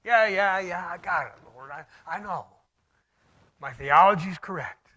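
A man's voice: high voice, a little slow, sharp tone, exaggerated voice. A man voicing Martha, a grieving woman who brushes things off as if she already knows her theology. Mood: dismissive.

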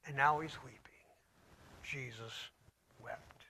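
A man preaching a sermon, reading scripture slowly and solemnly and swinging between loud declaiming and hushed near-whispers. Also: medium pitch, fairly even intonation, vocal fry, a little hiss or hum.

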